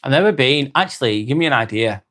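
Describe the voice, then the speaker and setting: A man with an East Lancashire accent hosting a live stream, chatting calmly with viewers, reading their comments and calling them mate as he winds down. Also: mid-range voice. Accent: East Lancashire English. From North West England. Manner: calm, unhurried, winding down, calls people mate.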